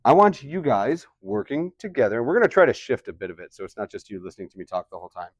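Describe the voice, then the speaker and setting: A man's voice: medium pitch, sing-song, fast, no room sound, dull audio. Male teacher, mid voice, dry room, chatty and questioning. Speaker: math teacher. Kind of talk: classroom lesson. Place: classroom.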